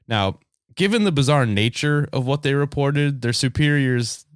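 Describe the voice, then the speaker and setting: A man from the United States hosting a comedy podcast, telling a story in a loose, animated way. He laughs often and swears casually. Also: medium pitch, normal speed, no echo, studio quality. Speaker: podcast host.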